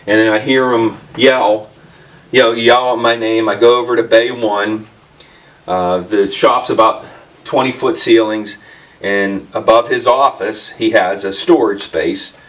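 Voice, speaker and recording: A man's voice: fairly low pitch, steady tone, a little slow, fairly bright tone, recorded from a distance. A man hosting a casual vlog, telling a story in a rambling way with many fillers and restarts in his workshop. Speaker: channel host.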